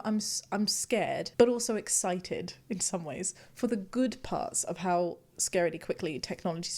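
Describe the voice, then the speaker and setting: A woman's voice: medium pitch, darkish tone. Giggly woman vlogger. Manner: giggly, laughs often between remarks. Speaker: YouTuber host. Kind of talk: casual reaction commentary reading posts.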